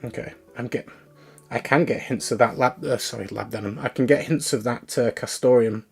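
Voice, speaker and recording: A man's voice: mid-range voice, moderate pace, vocal fry, soft background music. A man chatting casually on a live stream as he works, thinking aloud and talking to his viewers.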